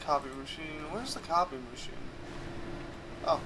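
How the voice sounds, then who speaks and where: A man streamer chats through a game with sarcastic, playfully exasperated remarks. His voice runs high for a man. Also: animated, moderate pace, bright, forceful tone, a little hiss or hum. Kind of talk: casual game commentary.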